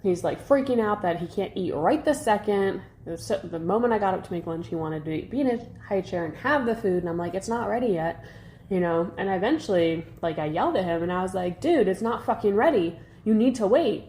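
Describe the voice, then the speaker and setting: A woman's voice: lowish voice, lively intonation, a little fast, a little mellow, a little hiss or hum. A young woman co-hosting a podcast, talking candidly in a rambling casual chat full of fillers. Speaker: podcast co-host.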